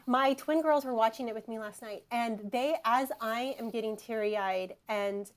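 A woman's voice: fairly high pitch, fairly even intonation, normal speed. A woman co-hosting an interview, chatting in a heartfelt way and telling personal stories about her family. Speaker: guest co-host. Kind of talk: conversational interview.

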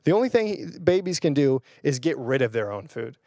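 A man's voice: medium pitch, sing-song, a little fast, mellow, no echo, clean studio sound. A young man, a pastor, giving a casual sermon on camera. He talks in a chatty, rambling way with fillers and restarts. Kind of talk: casual sermon with personal story. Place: church or room filmed on camera.

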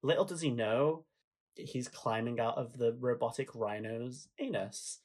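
A man's voice: mid-range voice, a little slow, darkish tone. Man, podcast co-host, casual film chat, enthusiastic, laughs while retelling scenes.

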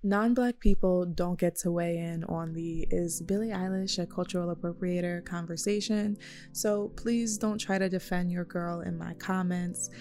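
A woman reading a scripted commentary video essay in a measured, critical, plain-spoken way. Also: lowish voice, steady tone, warm tone, faint music behind.

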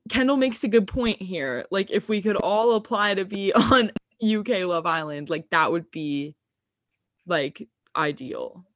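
A woman's voice: mid-range voice, unhurried, no room sound. A young woman chatting on a podcast in a mid-range voice, giggling often and leaning on "like" as she talks. The recording is dry and close, with no room sound. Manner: giggly, lots of "like" fillers. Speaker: podcast co-host. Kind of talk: casual chat.

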